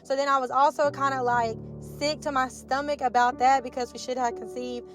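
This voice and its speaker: A woman's voice: high-pitched, little pitch movement, brisk. A young woman vlogging in a chatty, emotional way, talking straight to her viewers. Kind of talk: casual chat. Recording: music playing behind.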